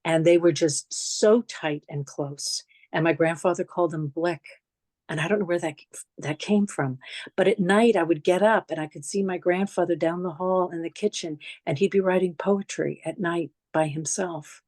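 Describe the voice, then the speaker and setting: Low-voiced woman telling family stories at a lecture. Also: moderate pace, a little mellow, no echo. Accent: New York. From New York City. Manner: conversational, reflective, frequent restarts and asides. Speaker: memorial lecture presenter. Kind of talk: personal storytelling lecture with slides.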